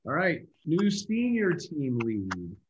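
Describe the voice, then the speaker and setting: A man hosting a casual online call, reading out names in an upbeat, brisk way. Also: a little high, huge pitch swings, roomy sound, muffled recording, noisy background. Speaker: host.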